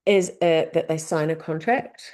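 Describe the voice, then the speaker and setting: A low-pitched, slightly mellow woman speaks at a moderate pace. With her New Zealand accent, she presents a business tips lesson conversationally, raising many rhetorical questions along the way.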